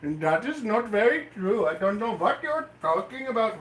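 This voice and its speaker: A man's voice: high voice, sing-song, moderate pace, a bit bright. A man from Canada live-streaming from a room with his pet snakes, bantering playfully with his chat in a casual, joking way. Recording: roomy, echoey room with faint noise.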